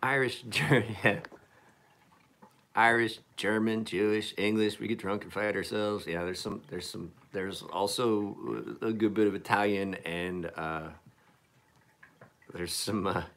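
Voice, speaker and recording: A man's voice: fairly low pitch, steady tone, unhurried, fairly bright tone. A man in his forties from Appalachian Pennsylvania, chatting casually on a live stream in a rambling, profane and joking way. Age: 40s. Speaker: knife-sharpening streamer.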